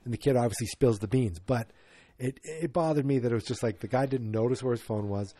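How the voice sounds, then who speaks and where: Husky, dark-voiced rambling man. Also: medium pitch, fairly quick, dry recording. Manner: rambling, many fillers and restarts. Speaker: podcast host. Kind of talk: casual chat.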